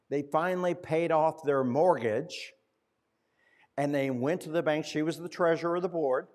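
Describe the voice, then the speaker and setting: A male pastor telling a story in a sermon, conversational, slowing down and dropping to a hush at key points. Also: a little high.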